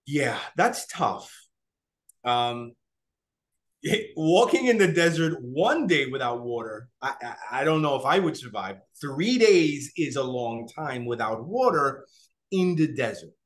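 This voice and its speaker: A man teaching a Bible study in an animated way. He keeps checking in with his listeners and acts out what people would say. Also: medium pitch, takes it slowly. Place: online class, remote listeners.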